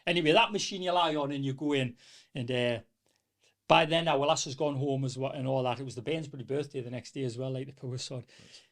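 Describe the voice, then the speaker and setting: A middle-aged man with a North East English accent, telling his story in a rambling, animated way as a podcast guest. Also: mid-range voice, fairly quick. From North East England. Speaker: small business owner, podcast guest. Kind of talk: casual storytelling interview.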